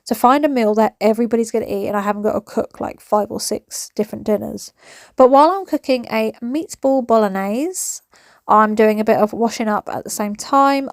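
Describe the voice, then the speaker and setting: Mum in her 30s vlogging housework, chatty and ranty, kinda high voice, dry close sound. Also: no echo. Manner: chatty, ranting, self-mocking. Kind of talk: chatty cleaning vlog narration. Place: family home, kitchen.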